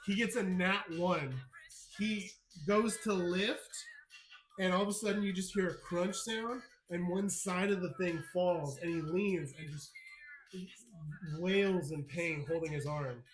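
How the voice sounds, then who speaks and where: Laughing, lively game master. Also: mid-range voice, unhurried, low-quality recording. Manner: laughs often, lively storytelling. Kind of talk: narrating a tabletop game on a live stream.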